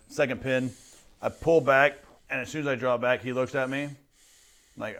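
Man telling a lively hunting story. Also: medium pitch, a little fast. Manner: animated storyteller, acts out his own lines. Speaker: podcast host. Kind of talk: casual hunting story chat.

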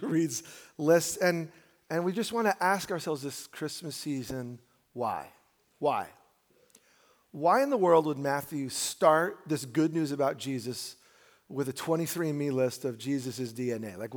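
A man preaching a sermon in a church, talking conversationally and building to emphatic peaks. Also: fairly high pitch. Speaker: pastor. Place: church sanctuary.

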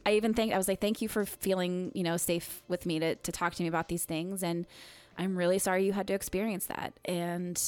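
A woman in casual podcast chat, telling a story with animated quoted voices and frequent laughs. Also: lowish voice, a little fast, smooth.

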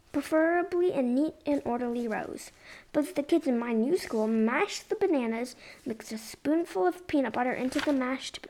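A woman's voice: high-pitched, a little mellow. A young woman reading a children's chapter book aloud expressively, with occasional whispered asides. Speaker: reader.

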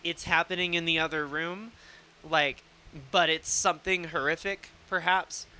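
A man's voice: a little high, fairly even intonation, moderate pace, pushed and bright, smooth. A man co-hosting a film podcast, talking in a rambling, casual way and swearing freely. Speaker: podcast co-host. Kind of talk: casual chat.

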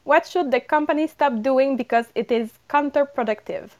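A woman's voice: sits high, moderate pace, a little mellow, highs cut off. A woman co-hosting a podcast, reading numbered questions and laughing often. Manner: giggly, reads questions from a list. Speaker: podcast co-host asking questions. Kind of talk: casual podcast Q&A.

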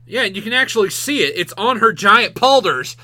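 A high, bright-voiced man talking casually on a podcast, swearing freely and acting out lines in animated voices. His pitch swings widely as he gets excited. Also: fairly quick. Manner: profane, excitable, acts out quotes. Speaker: podcast co-host. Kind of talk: casual chat.

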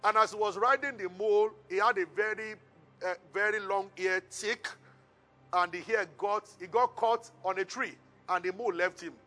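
A man preaching a sermon as pastor, retelling a Bible story with lively call-and-response to the congregation. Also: high-pitched.

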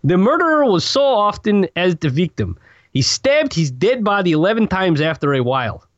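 A man faking a deadpan Russian newsreader. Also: high voice, normal speed, dry recording. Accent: put-on Russian. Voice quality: dropped articles, flat delivery. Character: deadpan male Russian news reader, gloomy. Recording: dull dry lo-fi audio.

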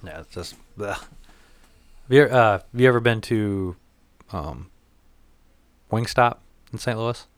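A man's voice: fairly low pitch, takes it slowly, long pauses, dry recording. A man, co-hosting a casual chat and ranting with plenty of swearing. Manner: profane, ranting. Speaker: co-host.

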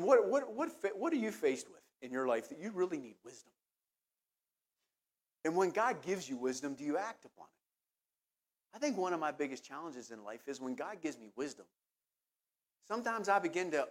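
A middle-aged man preaching a sermon, earnest, often repeating words as he searches for what to say next. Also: fairly high pitch. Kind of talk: sermon with personal anecdote.

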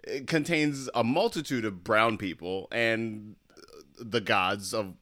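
A man's voice: on the low side, slow, a bit bright. A man co-hosting a podcast in casual chat, chiming in with short agreements and remarks. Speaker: podcast co-host.

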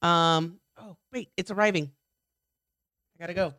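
A woman's voice: on the low side, steady tone, a bit bright, dry recording. Chatty woman podcast co-host, dry sound. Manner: chatty, quick to interject. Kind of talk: casual chat.

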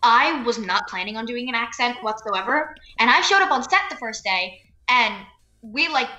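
Bright, chatty young woman in an echoey room. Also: on the high side, animated, moderate pace, highs cut off. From New Jersey. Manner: chatty, laughing, many fillers like "like" and "um". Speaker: actress guest. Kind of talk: casual interview chat.

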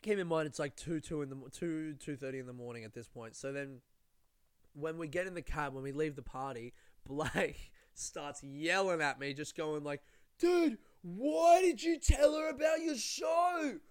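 A man's voice: a little high, normal speed, a bit bright, clean tone, no echo, studio quality. A young man with an Australian accent, a comedian hosting a casual chat, telling rambling, sweary, self-mocking stories. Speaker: comedian and podcast host. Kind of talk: casual storytelling.

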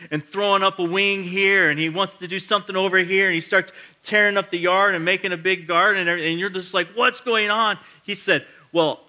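A man's voice: high-pitched, pushed and bright. A man preaching a sermon as pastor, earnest and building to emphatic repetition, with casual self-correcting asides.

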